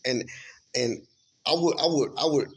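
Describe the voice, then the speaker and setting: With a faint hiss or hum in the background, a man of medium pitch talks at a normal speed. His casual testimony describes a spiritual vision earnestly and emphatically, in informal speech. It wanders with many restarts and frequent "you know what I'm saying" checks with the listener.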